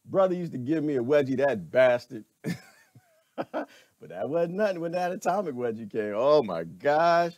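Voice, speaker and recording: A middle-aged man giving a preachy, animated monologue as a vlogger, laughing often and repeating himself. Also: a little high, moderate pace, no echo, clean studio sound. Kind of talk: ranting commentary monologue.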